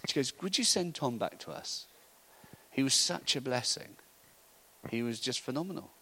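A middle-aged man telling an animated story in a sermon, acting out the voices of the people in it. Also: mid-range voice, normal speed, rough recording. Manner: animated storytelling, acts out voices, laughs often. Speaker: preacher. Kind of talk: sermon anecdote.

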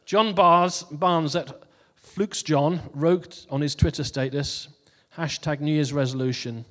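A man's voice: on the high side, steady tone, slow pace, a bit bright, in a large hall. A man giving a casual New Year sermon who reads out funny posts and laughs at his own jokes before turning to scripture. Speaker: preacher.

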